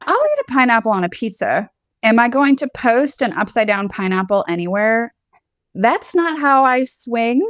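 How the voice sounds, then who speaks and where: A woman's voice: on the high side, sing-song, normal speed, no echo, clean studio sound. A woman co-hosting a podcast in casual chat, candid and playful, often laughing. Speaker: podcast co-host.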